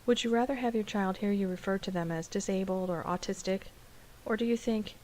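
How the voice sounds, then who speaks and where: A woman special education teacher explaining things in a calm, measured, scripted dialogue. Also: mid-range voice, a little hiss or hum, poor audio.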